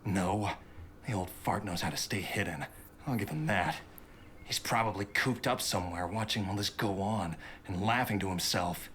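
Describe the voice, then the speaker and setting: An actor playing a bitter, resentful son in a game who talks coldly and grudgingly. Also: male voice, low voice, normal speed, fairly bright tone, a little hiss or hum. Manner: cold, grudging.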